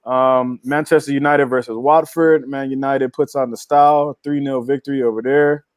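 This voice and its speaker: A man's voice: medium pitch, fairly even intonation, moderate pace, no room sound. Chill guy going over football scores on a podcast, lots of ums, dry sound. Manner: laid-back, lots of fillers, laughs easily. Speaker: podcast co-host. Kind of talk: casual sports chat.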